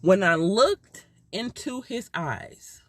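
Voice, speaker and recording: A woman's voice: mid-range voice, lively intonation, takes it slowly, no echo. A mother telling a personal story in an emotional, heartfelt way, repeating herself for emphasis. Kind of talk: casual storytime.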